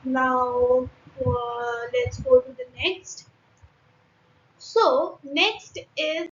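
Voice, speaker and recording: High-pitched Indian woman teaching slowly. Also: a bit bright, slight background noise. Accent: Indian English. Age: young adult. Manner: hesitant, many fillers and restarts. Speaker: biology teacher. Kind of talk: online class explaining diagrams. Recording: echoey room, dull lo-fi sound.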